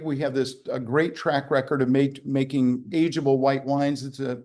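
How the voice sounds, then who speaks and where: A man's voice: medium pitch, a little mellow. A man hosting a casual virtual wine tasting on a video call, rambling and joking with fillers and restarts. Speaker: winery executive hosting a tasting. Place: winery.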